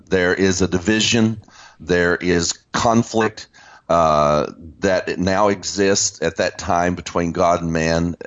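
A man teaching about scripture in an unscripted discussion, speaking haltingly with many fillers and restarts. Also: low voice. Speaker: Christian teacher. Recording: dull lo-fi sound.

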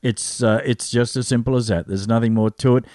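A man's voice: medium pitch, steady tone, a little fast, darkish tone, no room sound. Guy host reading off supporter names, goofy little asides, dead dry sound. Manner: playful, jokey asides while stumbling over names. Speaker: podcast host.

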